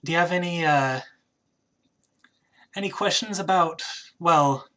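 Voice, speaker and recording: A man's voice: a little high, unhurried, sharp tone. A man voicing a short, blunt but friendly woman warrior who talks casually and reassuringly in a tabletop game. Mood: brisk.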